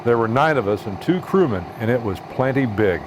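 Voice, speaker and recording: A man narrating a fishing trip as host, in a measured, plainspoken voice-over. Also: mid-range voice, animated, noisy background.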